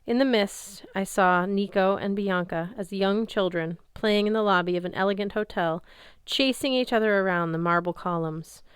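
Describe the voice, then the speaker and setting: A woman narrating a story in the first person with steady, expressive reading. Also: medium pitch, normal speed, hardly any pauses, smooth, no echo, studio quality. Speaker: audiobook reader.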